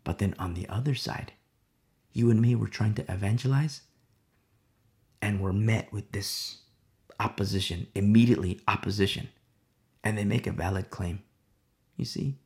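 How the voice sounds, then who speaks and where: A man's voice: fairly low pitch, normal speed, creaky, long pauses, darkish tone. A man preaching a sermon in an emphatic style, often checking in with the listeners. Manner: emphatic, keeps asking "you see?".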